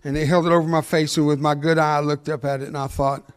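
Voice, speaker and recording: Older man with a lively, joking delivery. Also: on the high side, clean tone. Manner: animated, jokey, laughs at his own punchlines; talks fast. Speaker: motivational speaker. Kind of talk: humorous storytelling talk.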